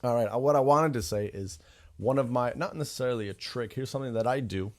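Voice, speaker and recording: A man from Canada chats on a relaxed podcast at an average pitch. He rambles, restarts his sentences and hunts for the right word. He talks openly and mocks himself a little. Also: fast talker. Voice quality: emotionally open, self-mocking. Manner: rambling, searches for words, restarts often. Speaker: podcast co-host. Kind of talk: casual chat.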